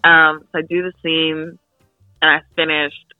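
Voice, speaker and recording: A young woman from the Philadelphia suburbs, an actress guest telling an animated story full of fillers in an interview. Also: low voice, a little slow, dry recording, soft background music. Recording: tinny phone-line radio, dry.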